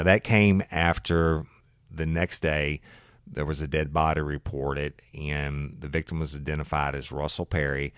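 A man's voice: a bass voice, no echo, studio quality. A man, a former detective hosting a podcast who tells a true-crime story in a folksy, rambling, enthusiastic way.

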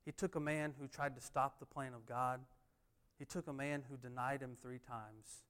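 A man's voice: medium pitch, steady tone, moderate pace, fairly bright tone, clear, resonant tone. A man preaching a sermon, driving points home with emphatic repeated refrains. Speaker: pastor.

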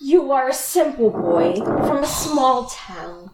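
A woman voicing a haughty, passive-aggressive woman raised by humans, who speaks in a soft, cold and condescending way. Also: high voice, lively intonation, slow pace, echoey room, very noisy. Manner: icy, condescending, speaks softly.

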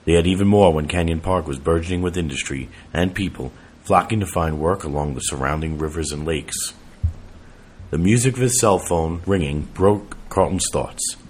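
A man narrating an audiobook in a steady, even reading voice. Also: sits low, normal speed, slight background noise.

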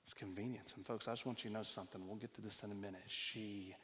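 Speaking fast in a large church hall with a bit of hiss or hum, a pastor with a fairly low, fairly bright voice keeps a steady tone. His sermon relies on personal stories, told casually with many restarts.

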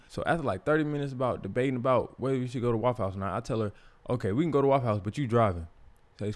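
A man's voice: medium pitch, fast. A young man, telling a personal story as a podcast host in a candid, profane, casual way. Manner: profane, candid, animated when quoting others.

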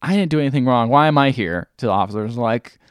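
A man's voice: medium pitch, animated, quick pace, smooth, dry recording, clean studio sound. A man on a podcast casually recapping a film, acting out the characters' lines as he goes. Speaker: podcast host.

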